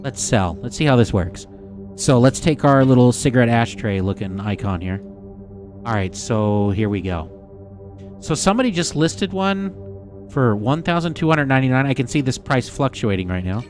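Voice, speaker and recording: Excitable male game streamer. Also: medium pitch, moderate pace, soft background music. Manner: excitable, chatty, swears casually, talks to viewers by name. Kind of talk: live gameplay commentary to chat.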